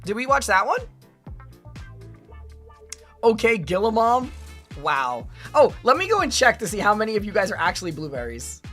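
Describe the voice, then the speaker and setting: Woman streamer, from Australia, lively swinging pitch, bright, chatty and excitable. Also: moderate pace, pauses often, soft background music. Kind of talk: casual reaction stream.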